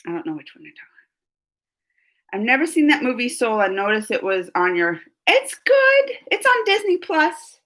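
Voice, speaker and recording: A woman's voice: a little high, moderate pace. A middle-aged woman hosting a casual live stream, chatting with viewers and telling stories with frequent laughs. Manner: chatty, animated storytelling with laughs. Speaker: live-stream host reading chat.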